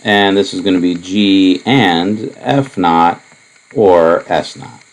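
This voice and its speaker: A man lecturing on propositional logic, explaining in a relaxed, wandering way with many asides and fillers. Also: deep voice, slow, rough recording. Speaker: math lecturer. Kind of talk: recorded lecture.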